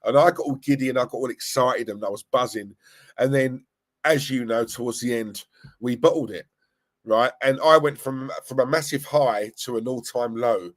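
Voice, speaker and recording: A young man hosting a live stream, chatting casually, reading viewer comments and reacting with animated, rambling restarts. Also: normal speed. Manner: animated, rambling, restarts and laughs, pitch jumping when worked up. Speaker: fan channel live-stream host.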